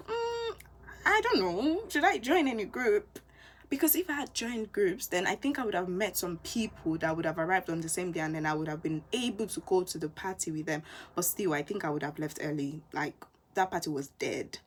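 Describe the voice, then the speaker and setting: A young woman, a university student telling stories in a casual vlog, animated and full of quoted asides. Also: lowish voice, a little fast, breathy edge. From England. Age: young adult.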